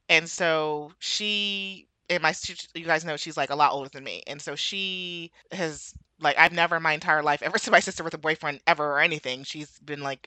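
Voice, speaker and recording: A woman in her thirties from the New York area talks candidly on a podcast, speaking straight to her listeners. Her voice is lowish but bright and sharp, recorded close and dry. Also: dry recording. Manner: candid, chatty, addresses listeners directly. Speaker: podcast co-host. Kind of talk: casual personal storytelling.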